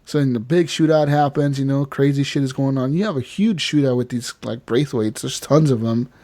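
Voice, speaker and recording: A man's voice: mid-range voice, a little fast, mellow. A man on a casual gaming podcast, retelling a game's story with lots of swearing and acting out the characters' lines. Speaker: podcast co-host. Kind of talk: casual profane game recap chat.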